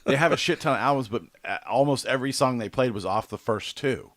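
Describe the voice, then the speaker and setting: In relaxed podcast banter, a young man who co-hosts the show tells a meandering, profane story, loosely filling gaps with "like" and "dude." He speaks fast in a mid-range voice, with no echo on the recording.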